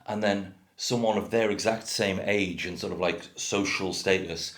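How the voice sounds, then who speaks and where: Deep-voiced vlogger, thirties, blunt and rambling, echoey room. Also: male voice, fairly even intonation, a little slow, few pauses. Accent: generic English. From North Wales. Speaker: craft beer vlogger. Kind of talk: casual rant to camera.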